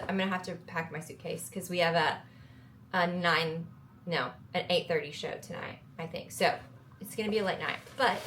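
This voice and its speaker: A woman's voice: mid-range voice, fairly bright tone, a little hiss or hum. A young woman with a Southern US accent, talking casually and upbeat to camera in a travel vlog, joking about herself. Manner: chatty, upbeat, self-joking. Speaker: travel vlogger.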